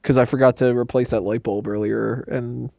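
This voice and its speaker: A young man hosting a podcast roundtable, telling a story in an animated, laughing way and swearing freely. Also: mid-range voice, moderate pace, gravelly, dry recording. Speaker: podcast host. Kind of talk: casual roundtable chat. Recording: slightly muffled podcast audio.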